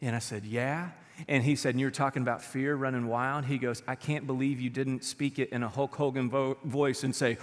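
A man preaching a sermon to his church in an animated, conversational way, acting out quotes as he goes. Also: medium pitch, brisk. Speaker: pastor. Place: church auditorium. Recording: live church sermon with long hall reverb.

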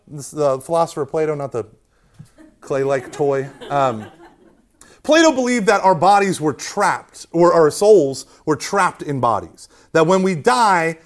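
A man teaching an informal Catholic Bible class, joking often and checking in with "right?" after his points. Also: on the high side. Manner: animated, joking, keeps asking "right?". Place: hot meeting room with a live class.

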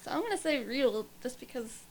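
A woman's voice: sits high, expressive, brisk, gravelly, slight background noise. A woman panelist on a radio show, thinking aloud hesitantly while sitting away from the microphone.

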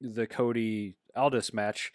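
Hesitant podcast co-host, dry close sound. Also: male voice, on the low side, fairly even intonation, slow pace, dry recording. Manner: hesitant, many ums, building to emphatic bursts. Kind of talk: casual chat.

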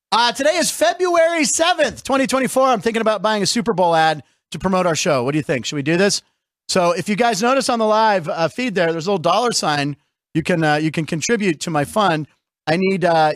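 A man hosting a comedy sports show from a studio, talking in jokey, animated banter. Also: sits high, no room sound. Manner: animated, jokey, puts on mock announcer voices. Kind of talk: joking radio-style banter.

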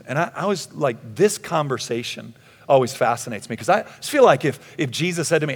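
A man preaching a conference keynote sermon, animated and jokey, acting out scripture scenes in quick asides. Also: medium pitch. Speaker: pastor. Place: large conference hall. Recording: long reverb of a big hall.

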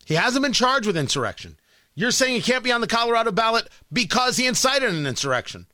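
A man hosts a talk radio show from a studio, his voice pitched high and bright against a dry, close microphone. He argues in short, combative bursts and hammers the same demand again and again. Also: big pitch swings, fast, dry recording. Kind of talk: opinionated talk radio monologue.

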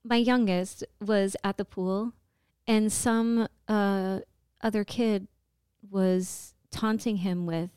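A woman in her forties co-hosting a podcast in casual chat, softer-spoken and agreeable. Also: medium pitch, steady tone, slow, clean tone, dry recording, clean studio sound. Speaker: podcast co-host.

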